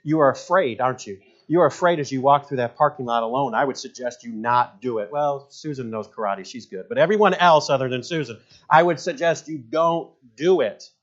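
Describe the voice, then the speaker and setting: A man's voice: medium pitch, fairly quick. A man in his fifties preaches to his congregation, mixing scripture with folksy stories and jokes. His voice sits in an ordinary male range. The recording is slightly dull and muffled. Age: 50s. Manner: folksy storytelling with jokes and asides. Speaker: pastor. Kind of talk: sermon.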